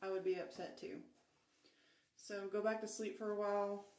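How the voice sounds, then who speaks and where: A woman telling her own story in a plain, steady first-person way, quoting what others said. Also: medium pitch, normal speed, roomy sound, low-quality recording. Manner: plain, steady recounting with quoted dialogue.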